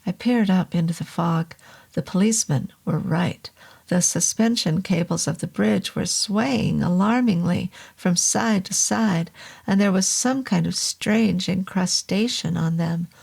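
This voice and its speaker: A woman narrating a horror novel in a slow, measured reading. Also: fairly low pitch, creaky, darkish tone, slightly rough.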